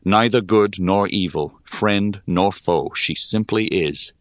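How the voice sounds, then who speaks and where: A man reading a story aloud in measured, expressive narration. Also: deep voice, dry recording, studio quality. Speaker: audiobook narrator. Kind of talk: scripted narration.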